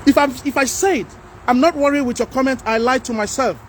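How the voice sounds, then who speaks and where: A man with a Nigerian accent hosting a livestream, talking to viewers and reading their comments in an animated, pleading way. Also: extremely high pitch, fairly quick, a little hiss or hum. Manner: animated, pleading, mixes in Pidgin. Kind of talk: casual livestream talk.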